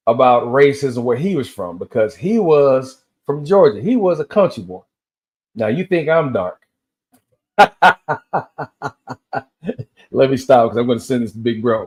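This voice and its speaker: Man, 50s, from Tennessee, solo rant, loose rambling storytelling, medium pitch. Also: darkish tone. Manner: loose storytelling, drifting between tangents. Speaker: vlogger.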